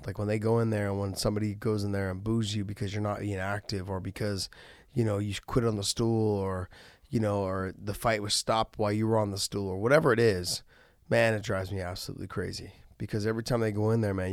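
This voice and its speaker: A man's voice: on the low side, creaky, dry recording, studio quality. A middle-aged man hosting a casual podcast, talking earnestly with many restarts and fillers. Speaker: podcast host and former fighter.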